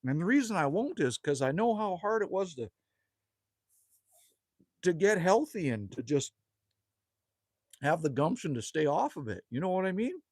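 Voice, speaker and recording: A man's voice: high-pitched, very animated, moderate pace, pauses often, no echo, studio quality. A man hosting a casual live stream outdoors at a cabin, answering viewer comments in a chatty, laid-back way and calling everyone man or buddy.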